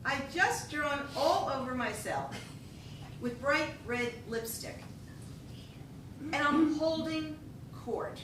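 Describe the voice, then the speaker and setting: A woman telling a comic story on stage, animated and laughing often as she talks. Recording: echoey hall, voice from a distance, rumbling noise.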